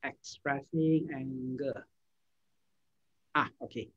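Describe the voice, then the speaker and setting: A man's voice: medium pitch, fairly even intonation, slow pace, breathy edge. A man giving an informal lecture and answering questions, hesitating often with fillers and restarts. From Malaysia. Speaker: speaker answering audience questions. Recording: dull, lo-fi sound.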